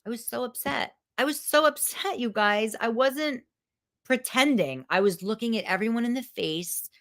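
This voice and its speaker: A woman's voice: fairly high pitch, moderate pace, fairly bright tone. A woman talking frankly to viewers in a live video, telling a personal story and swearing freely as a coach.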